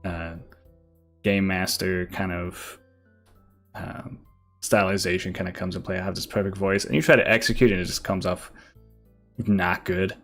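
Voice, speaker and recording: A man's voice: low voice, steady tone, normal speed, long pauses, fairly bright tone, faint music behind. A young man streaming a card game, thinking aloud and reading card text with many fillers. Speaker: gaming streamer. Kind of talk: casual gameplay commentary.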